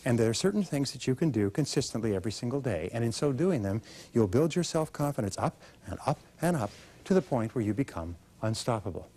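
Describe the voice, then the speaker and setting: Man, motivational seminar talk, emphatic, rhetorical questions, dark tone, husky. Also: mid-range voice, lively intonation, brisk. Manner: emphatic, rhetorical questions, has the audience repeat lines. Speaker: motivational speaker.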